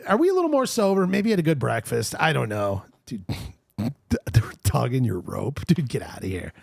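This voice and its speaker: An excitable man hosting a podcast, talking in a high, bouncy voice that swings widely in pitch. His tone has a gravelly edge, and the sound is close and dry. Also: fast, dry recording. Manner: animated, excitable, says dude a lot. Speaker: podcast host. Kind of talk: casual chat.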